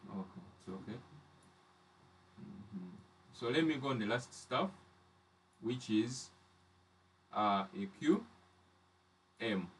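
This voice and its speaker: A man's voice: lowish voice, animated, slow, pauses often, far from the mic, slight background noise. A man teaching trading charts step by step, often repeating and restarting his phrases. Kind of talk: live chart lesson.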